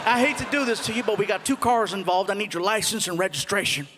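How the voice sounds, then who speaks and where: A man voicing a gruff, amused male highway patrol cop, lowering his voice into a deep, drawling delivery. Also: fast talker, background noise, lightly acted.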